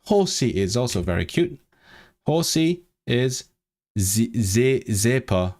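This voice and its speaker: A man's voice: mid-range voice, very animated, takes it slowly, a little mellow. A man chatting casually on a live stream, thinking aloud and eagerly sounding out foreign words. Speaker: language-learning streamer.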